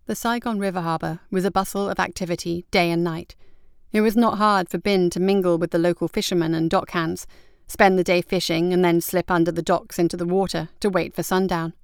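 A woman reads a story aloud in a steady, even manner. Her voice is smooth and crisp. It is recorded close and dry, with no room around it. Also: lowish voice, a little fast, dry recording. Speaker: narrator. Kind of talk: audiobook narration.

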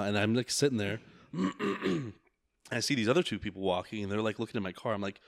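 Rambling, cursing man with a low voice. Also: animated, brisk, gravelly, no room sound, clean studio sound. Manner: rambling storyteller, heavy swearing. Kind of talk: casual chat.

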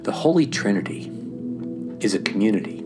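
Guy preaching casually, lively and chatty, music playing clearly behind him. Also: lowish voice, fairly quick. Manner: animated, acts out quoted voices, many fillers like "like". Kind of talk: casual sermon-style chat.

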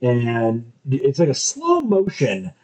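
A man's voice: mid-range voice, huge pitch swings, slow, darkish tone, poor audio. A man casually recapping a film in loose, profane chat.

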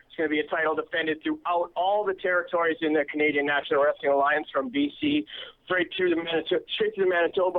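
Male promoter, hyped event pitch, phone-quality clip, slightly high. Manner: hyped, announcer-like. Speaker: wrestling promoter. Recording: tinny phone-line clip.

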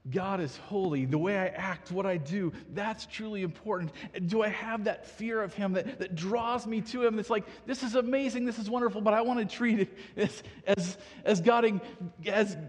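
A man in his thirties delivers a sermon in an earnest, questioning way, often restarting his sentences. His voice sits high and sounds a little husky. The sound trails off in the long reverb of a large hall. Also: moderate pace, few pauses. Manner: earnest, asks the congregation questions, frequent restarts. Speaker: pastor.

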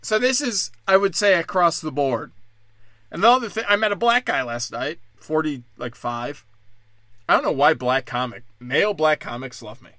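A man doing crude stand-up, brash and profane, slipping into mocking high-pitched impressions and sounding a little tipsy. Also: animated, moderate pace, pushed and bright, no echo. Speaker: stand-up comic.

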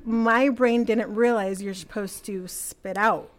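A woman's voice: mid-range voice, fairly even intonation, slow pace. A young adult woman telling a personal story as a podcast guest, casual and full of fillers like "like" and "you know.".

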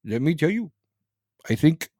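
A man putting on a mocking impression of an elderly politician, halting and stammering in a folksy way. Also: a little high, big pitch swings, a little mellow, dry recording, clean studio sound.

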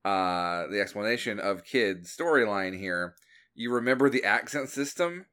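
Bright-voiced man chiming in on a podcast. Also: fairly low pitch, expressive, clean tone. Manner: quick chiming-in remarks. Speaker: podcast co-host. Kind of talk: casual chat.

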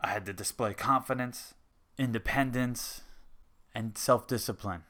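A man in his thirties talks frankly and casually on his own podcast in a personal monologue, swearing often and second-guessing himself. His medium-pitched voice is bright and forceful, and he takes his time.

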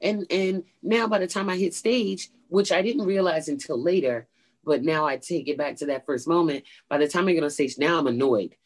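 A woman comedian being interviewed, telling a story in an animated way and acting out quoted voices with big pitch jumps. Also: normal speed. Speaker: stand-up comedian, guest.

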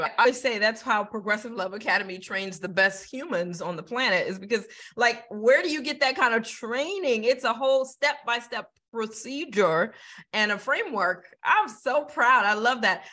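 Woman host, high-ish bright voice, enthusiastic, effusive, casual podcast chat. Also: fairly quick.

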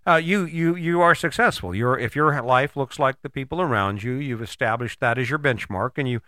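Male host, bright forceful voice, dry close sound; loose, rambling motivational talk full of restarts. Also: mid-range voice, moderate pace, no room sound. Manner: conversational, rambling, frequent restarts. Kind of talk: motivational monologue.

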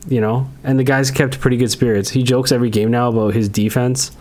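A man's voice: medium pitch, level tone, fairly quick, darkish tone. A man with a mid-range voice co-hosting a podcast. He talks bluntly, rants with plenty of profanity, and sounds casual and opinionated. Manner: blunt and ranting, swears a lot. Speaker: podcast co-host. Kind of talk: casual chat.

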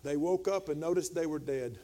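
A man preaching a sermon as pastor, retelling a scripture story, swinging from loud shouted passages to quiet, low storytelling. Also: fairly quick.

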